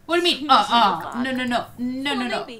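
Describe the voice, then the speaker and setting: A young woman casually commenting on her own game play, excitable and quick to gasp and laugh. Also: fairly high pitch, crowd noise. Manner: excitable, frequent gasps and laughs. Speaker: gaming video host.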